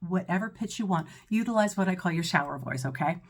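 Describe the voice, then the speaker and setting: A woman's voice: fairly low pitch, lively intonation, fast. A woman voice teacher with a mezzo-soprano voice giving an instructional breathing lesson, often checking in with "right?" and "okay?".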